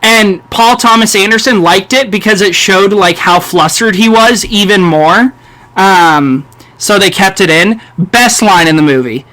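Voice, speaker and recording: Bright high-voiced man in casual film chat. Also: measured pace. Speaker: podcast co-host.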